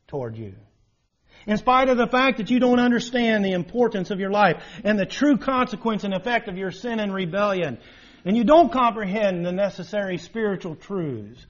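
A man preaching a sermon, rising dramatically and then dropping to a hushed close. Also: sits high. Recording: dull lo-fi recording.

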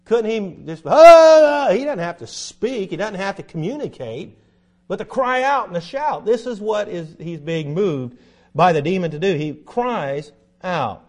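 A middle-aged man teaching a Bible lesson in sermon style, emphatic, with sudden loud bursts for stress. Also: high voice, animated, measured pace.

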